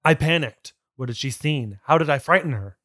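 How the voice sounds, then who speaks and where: A man co-hosting a comedy podcast and reading a novel aloud, breaking in with sardonic asides. His pitch swings widely as he jokes, and the close microphone sounds dry. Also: animated, bright, forceful tone, no room sound. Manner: sardonic, quick to laugh. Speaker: podcast co-host. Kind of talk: comedic book reading and banter.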